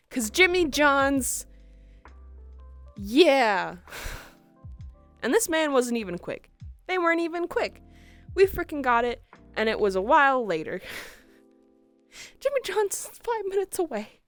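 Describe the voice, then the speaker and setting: A young woman streamer telling a story casually in an animated way, laughing often. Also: high-pitched, moderate pace, dry recording, soft background music.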